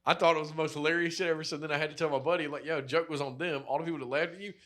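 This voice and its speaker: A man with a fairly high voice tells a story as a podcast co-host. He talks loosely and with a lot of swearing, and he acts out each person in the story as he goes. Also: very fast. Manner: animated, profane storytelling with acted-out quotes. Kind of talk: casual chat, storytelling.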